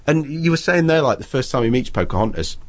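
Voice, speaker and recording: A man's voice: medium pitch, lively intonation. A man in an easy podcast chat with a friend. He mocks and jokes along, agreeing often and laughing. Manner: laughing, mocking banter, quick to agree. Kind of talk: casual chat.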